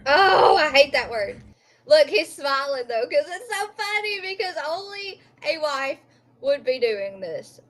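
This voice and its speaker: A woman's voice: high voice, sing-song, measured pace, fairly bright tone. A woman hosting a casual livestream from home at night, chatting and giggling with her viewers and talking to her pet. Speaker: livestream host. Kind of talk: casual live chat with viewers.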